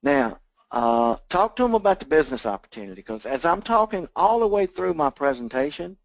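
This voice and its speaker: In poor, roomless audio, a man with a slightly high, sing-song, creaky voice speaks briskly. He's teaching sales, addressing listeners directly with frequent "okay?" check-ins and playing both parties in sample sales exchanges.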